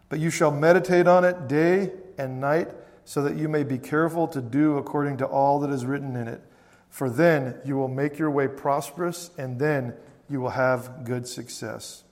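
A man's voice: mid-range voice, darkish tone. A man preaching a sermon as pastor, often calling out "Amen?" to the congregation. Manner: preaching with frequent "Amen?" call-outs to the congregation. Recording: long hall reverb.

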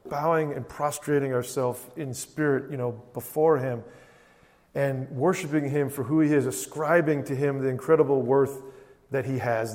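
A man preaching a sermon earnestly, repeating phrases for emphasis and moving between quiet passages and loud declarations. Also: mid-range voice, big-room sound.

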